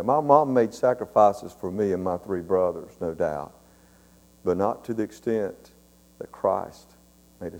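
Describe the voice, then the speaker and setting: A man's voice: fairly low pitch, a little mellow. A man, preaching a sermon in a folksy, earnest way and often repeating his words. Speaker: pastor. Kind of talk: sermon storytelling. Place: church sanctuary. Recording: long church reverb.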